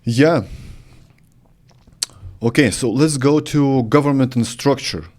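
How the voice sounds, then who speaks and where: A man's voice: mid-range voice, takes it slowly, a little mellow. Man hosting, asking brief questions. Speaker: host. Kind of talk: podcast interview.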